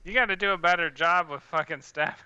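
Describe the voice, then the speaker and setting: A man co-hosting a podcast, chatting casually about a movie and quickly agreeing with his partner. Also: a little high, sharp tone, smooth, dry recording, dull audio. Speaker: podcast co-host.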